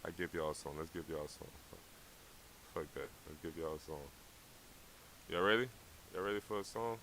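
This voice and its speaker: A man's voice: a bass voice, normal speed, long pauses, fairly bright tone, a little hiss or hum. A young man, a rapper guest, chatting casually between freestyles, slangy and repeating himself, laughing nervously. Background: faint beat playing.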